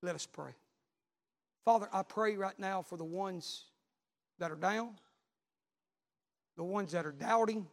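A man, a pastor preaching a sermon, telling a story and then building to loud repeated calls. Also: sits high, unhurried, pauses often.

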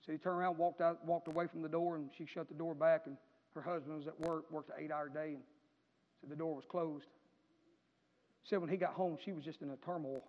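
A man preaches with a high, ringing voice, swinging between homespun storytelling and passionate, shouted appeals. His words trail off into a long, echoing reverb. The recording sounds dull and muffled. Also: flat delivery, fairly quick. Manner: folksy storytelling that builds to impassioned shouting. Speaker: pastor. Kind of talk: sermon. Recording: echoey hall, dull lo-fi sound.

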